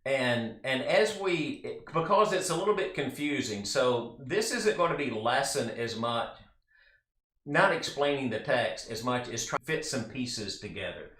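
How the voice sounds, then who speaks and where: A man's voice: medium pitch, animated, fairly bright tone. Chatty man teaching Bible study, echoey room. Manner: earnest, chatty, quick asides to listeners. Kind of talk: conversational Bible study lesson.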